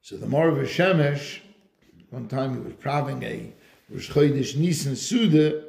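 A man's voice: medium pitch, measured pace, creaky, a little mellow, echoey room. A man giving a Torah lecture in English, weaving Hebrew and Yiddish terms into his storytelling. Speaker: Torah teacher.

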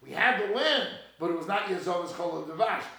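Gravelly man teaching in an echoey room. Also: lively intonation, a little fast. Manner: swings between loud emphatic quoting and low hushed asides. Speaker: rabbi giving a Torah talk. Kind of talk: Torah lecture.

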